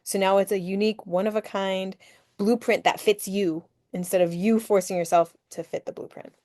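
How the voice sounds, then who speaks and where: A woman's voice: mid-range voice, fairly even intonation, moderate pace, warm tone, no room sound, studio quality. A woman business coach as a guest, earnestly explaining her work with many fillers.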